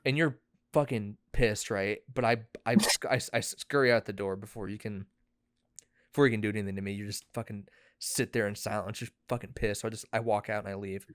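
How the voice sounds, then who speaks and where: A young man co-hosting a podcast, spinning a long profane hypothetical between fits of laughter and sudden shouts. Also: on the low side, fairly even intonation, a little fast, dry recording. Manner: rambling, profane, laughing storyteller who shouts when interrupted. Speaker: podcast co-host. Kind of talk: casual chat.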